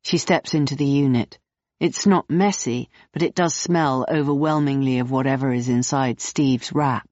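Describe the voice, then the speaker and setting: A man reading an audiobook in a measured, even storytelling manner, on a dull, dry recording. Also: medium pitch, no room sound. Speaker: audiobook narrator. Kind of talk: scripted narration.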